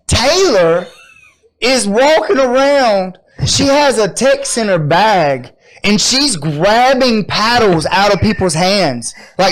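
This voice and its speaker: Animated man telling a story. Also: sits high, slow. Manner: animated, profane, acts out quotes. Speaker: podcast host. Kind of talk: casual storytelling.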